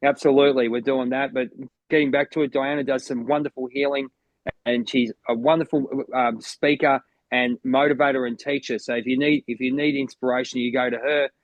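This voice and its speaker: A man's voice: mid-range voice, steady tone, a little fast, no echo, lo-fi sound. An Australian man co-hosting a podcast as a motivational coach, talking in an enthusiastic, rambling way with lots of restarts. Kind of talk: casual chat.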